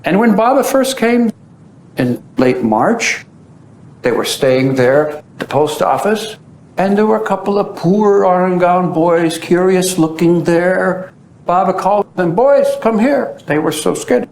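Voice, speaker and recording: A man giving a storytelling talk, acting out the voices of the people he describes. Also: a little slow. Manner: animated storyteller who acts out quoted voices. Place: at the site being described. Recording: roomy echo with faint low rumble.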